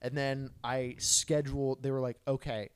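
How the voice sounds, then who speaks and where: A man's voice: medium pitch, expressive, moderate pace, dry recording. A young man co-hosting a podcast, telling a long, profane story with lots of quoted dialogue in casual chat. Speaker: podcast co-host. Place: New York City.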